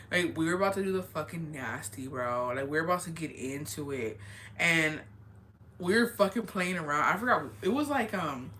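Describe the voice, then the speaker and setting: Casual bright-voiced woman. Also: deep voice, slight background noise. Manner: profane, laid-back, slips between English and Spanish. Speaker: advice vlogger reading viewer confessions. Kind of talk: casual chat.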